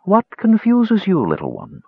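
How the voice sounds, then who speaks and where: Drawling wry tomcat read by a man, husky voice, dry muffled storybook audio. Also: sits high, wildly swooping pitch, a little slow, no echo, voice pushed up, full character voice. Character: lazy sly male tabby cat, enchanted man. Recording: slightly dull lo-fi recording.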